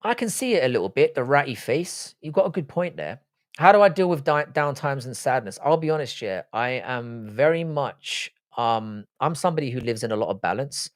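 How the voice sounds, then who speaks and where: A man's voice: mid-range voice, lively intonation, fairly quick. Sweary laid-back British man. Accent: British English. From England. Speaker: livestream host. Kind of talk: casual live chat reading viewer comments.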